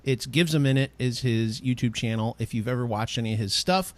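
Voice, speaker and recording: A man hosting a podcast in casual chat, animated and storytelling with playful asides. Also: medium pitch, a little fast, no room sound. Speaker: podcast host.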